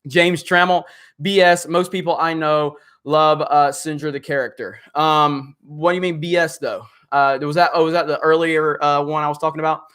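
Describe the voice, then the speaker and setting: A hoarse man who is losing his voice, hosting a livestream and reading viewer comments in a rambling, halting way. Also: on the high side, steady tone, fairly bright tone. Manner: rambling, halting, full of fillers. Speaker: livestream host.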